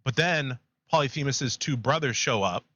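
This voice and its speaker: A man co-hosting a podcast, retelling a myth in a rambling, animated way. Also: medium pitch, moderate pace, dry recording, lo-fi sound. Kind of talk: casual chat, storytelling.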